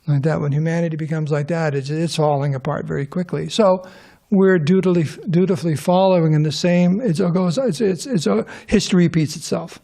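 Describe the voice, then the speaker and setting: A man's voice: fairly high pitch, creaky, a little mellow. A middle-aged man giving an informal scripture class to a live audience in a temple hall, rambling, restarting sentences and tossing questions to the listeners.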